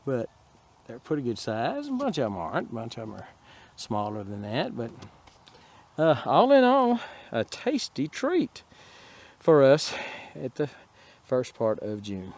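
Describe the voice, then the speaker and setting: A man's voice: mid-range voice, wildly swooping pitch, a little slow, darkish tone. A middle-aged man with a Texan accent, chatting folksily outdoors in his garden as he digs and shows his harvest. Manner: folksy, rambling, chuckles while talking. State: a little winded. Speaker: gardening vlogger. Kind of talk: casual outdoor garden vlog.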